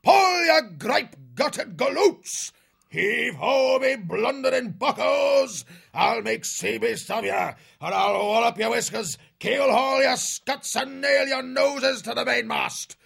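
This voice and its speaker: Big old hare officer, bellowing, very high, gravelly, drawn-out audiobook character. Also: male voice, expressive, a bit bright, exaggerated voice. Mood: roaring. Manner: roaring gravelly sea-captain orders.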